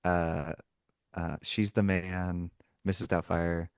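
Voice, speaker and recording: Very deep-voiced soft-spoken man. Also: level tone, slow pace, smooth, no echo, clean studio sound. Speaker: podcast co-host. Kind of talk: casual movie chat.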